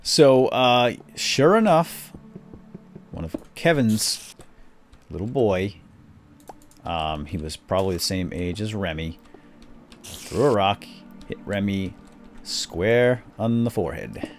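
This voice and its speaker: A middle-aged man telling a family story while playing a game, switching to quiet muttering when he deals with the game. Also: fairly low pitch, takes it slowly, long pauses. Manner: animated storyteller, drops to quiet muttering over game actions. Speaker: gaming video host. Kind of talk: storytelling during a game playthrough.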